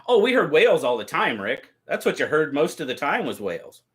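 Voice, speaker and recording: A man hosting a livestream, telling stories in a casual, drawn-out way and reading out chat. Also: a little high, sing-song, a bit bright. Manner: drawn-out, easygoing storytelling with quoted voices. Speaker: livestream host. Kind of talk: casual storytelling to live chat.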